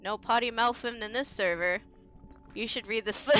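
A woman's voice: on the high side, moderate pace, bright, forceful tone, smooth. A woman streaming a game in casual chat, giggling often and swapping swears for silly stand-in words.

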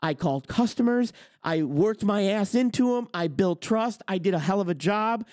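A man in his forties rants as host, cursing freely and boasting. His pitch leaps and drops with every point he hammers home. The sound is close and dry, with no room around it. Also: animated, moderate pace, darkish tone, no room sound. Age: 40s. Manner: blunt, boastful, swears constantly. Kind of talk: heated profane rant.

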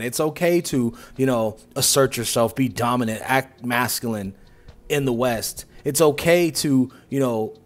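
A man hosting a reaction channel, giving emphatic, scolding commentary with sweeping judgments. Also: mid-range voice.

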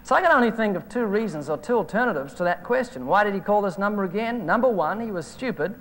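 A high-voiced evangelist preacher delivers a fast sermon full of anecdotes, animatedly retelling phone calls in a storytelling style. The audio comes from an old videotape, with hall reverb and a noisy background.

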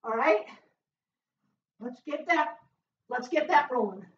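High-voiced woman cheering on a workout. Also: lively intonation, slow. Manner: upbeat, encouraging, frequent whoops. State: out of breath. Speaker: fitness instructor. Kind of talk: workout coaching. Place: home workout room. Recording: echoey room, far from mic, dull sound.

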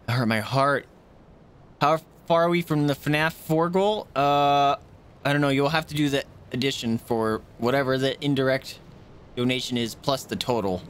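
A man with a clear, resonant, medium-pitched voice streams a video game at normal speed. He chats casually with viewers while playing, excitably yelping and swearing at the game.

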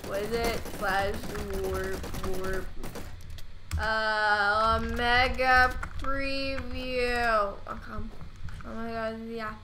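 Teen girl gamer, high bright voice, rambly casual commentary with sudden loud outbursts, faint typing behind. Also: extremely slow, noisy background. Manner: chatty, rambling, bursts of loud excitement. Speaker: gaming YouTuber. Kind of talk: casual let's play commentary.

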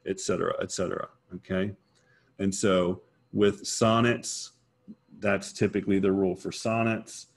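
A man's voice: deep voice, flat delivery, normal speed. A man teaching an informal poetry lesson, thinking aloud and correcting himself as he works things out.

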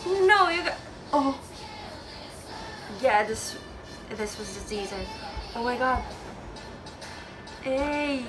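A woman DJ reacting to a music video in a casual vlog, gushing with excited exclamations. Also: sits high, slow pace, long pauses, rough recording. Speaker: DJ and reaction vlogger. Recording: music video playing loudly behind the voice. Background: music video playing.

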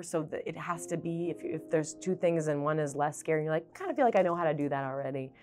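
A middle-aged actress speaking earnestly and reflectively, full of fillers, restarts and sudden bursts of energy. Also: female voice, deep voice. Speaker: stage actress. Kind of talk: reflective interview monologue.

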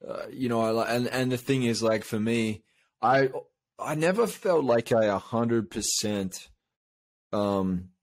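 A man's voice: medium pitch, unhurried, no echo. A man from Australia, a coach, telling a long personal story in a casual interview, rambling with many fillers and restarts. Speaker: guest, coach.

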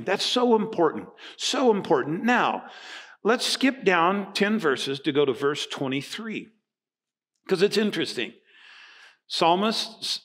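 A pastor in his sixties delivers a sermon in a fairly high male voice. He tells stories with energy and acts out both sides of conversations as he goes. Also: husky. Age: 60s. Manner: animated storytelling, acting out dialogue.

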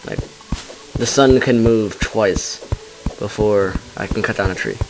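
A man's voice: on the low side, unhurried, music in the background, poor audio. A man chatting casually during a co-op video game session in a laid-back, dry way. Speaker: gamer playing with friends. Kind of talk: casual let's play chat.

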